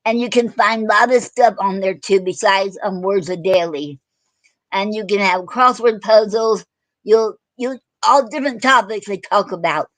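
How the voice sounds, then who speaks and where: A woman hosting a casual online poetry show, talking haltingly with many fillers and self-corrections. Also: mid-range voice, fairly bright tone, no room sound, poor audio. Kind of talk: casual live-stream chat.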